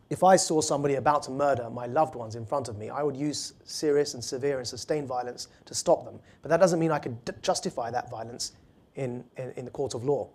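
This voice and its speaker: He's an author and guest speaker taking audience questions at a public talk. His delivery is earnest and fluent, broken by quick restarts, and his medium-pitched voice has a darkish tone with a breathy edge.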